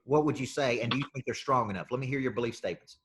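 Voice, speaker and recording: A man's voice: mid-range voice, racing, fairly bright tone. A man coaching a group of salespeople live. He drives his points home with punchy, emphatic statements and circles back to repeat his phrases. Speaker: business coach.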